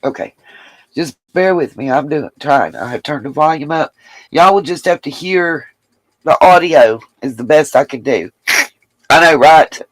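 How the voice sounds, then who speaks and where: A woman's voice: deep voice, animated, unhurried, no room sound, rough recording. A woman hosting her own vlog, chatting casually to viewers and apologizing as she goes. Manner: chatty, apologetic asides, addresses viewers as y'all. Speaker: vlogger host.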